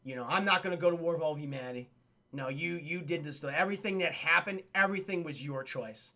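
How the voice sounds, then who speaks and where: A man voicing a sorrowful, hulking male gargoyle leader in a low, hushed tone. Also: fast. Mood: reproachful.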